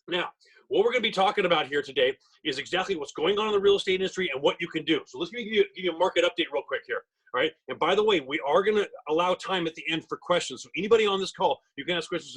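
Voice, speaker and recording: A man's voice: fairly bright tone, breathy edge, low-quality recording. A middle-aged man, a real estate trainer, giving an emphatic, salesy webinar presentation over a video call. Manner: fast-talking, emphatic salesman pitch.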